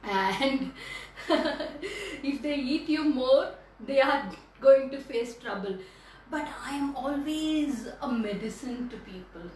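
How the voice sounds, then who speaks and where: A woman's voice: high voice, expressive, takes it slowly, darkish tone, very echoey, recorded from a distance, a little hiss or hum. Woman doing a smug, bragging garlic. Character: boastful garlic bragging it cures people.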